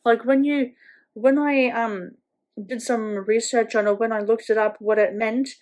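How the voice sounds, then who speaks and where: A woman's voice: fairly high pitch, fairly even intonation, unhurried, a little mellow. A woman book vlogger chatting casually at home at night, rambling with lots of "like" fillers. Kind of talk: casual reading vlog chat.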